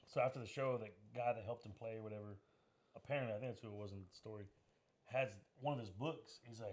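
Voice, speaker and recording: A man, a comedian guest on a podcast, telling a story in a relaxed, hesitant way with lots of fillers. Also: lowish voice, fast talker. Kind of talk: casual storytelling chat.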